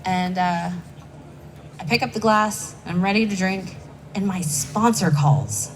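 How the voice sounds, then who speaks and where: A young woman with a voice on the low side talks a little slowly as she recounts her personal story at a recovery meeting. She's candid and conversational, poking fun at herself along the way, speaking from a conference hall stage. The recording comes from a distant mic with faint background noise.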